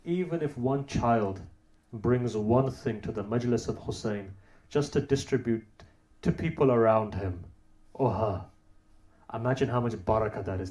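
Man, sermon, middle pitch, storytelling, rhetorical questions, emphatic peaks, echoey hall. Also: normal speed, darkish tone. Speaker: preacher. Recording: roomy echo.

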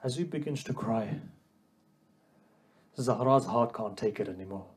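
Speaking directly to the congregation, a male preacher works an emotional sermon up to a loud, pleading pitch. His voice is low, husky, and a little slow.

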